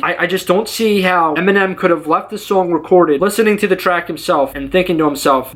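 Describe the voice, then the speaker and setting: Fast-talking young man reviewing an album. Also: fairly bright tone. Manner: exasperated, sarcastic, mocks songs in high put-on voices. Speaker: music reviewer.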